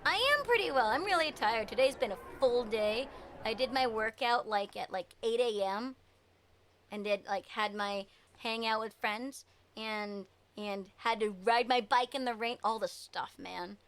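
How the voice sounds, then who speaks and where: A woman's voice: a little high, unhurried, a bit bright, slight background noise. A woman streaming live, chatting casually with her viewers. She is chatty and giggly and trails off with fillers.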